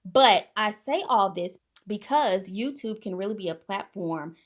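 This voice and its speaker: A woman's voice: animated, a little slow. Woman vlogger, preachy and emphatic, faith-based pep talk, y'all and okay, middle-aged. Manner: preachy and emphatic, addresses viewers as y'all, frequent "okay?" check-ins; swings between soft storytelling and loud, high exhortation. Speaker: YouTube creator giving faith-based encouragement. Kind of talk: casual motivational talk to camera.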